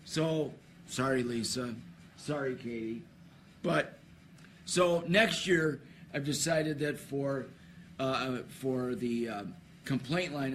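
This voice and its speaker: At an awards ceremony before a live audience, a man announcing a trivia contest tells a story, rambling, laughing, and restarting his sentences. His voice is medium-pitched and slow, with slight background noise.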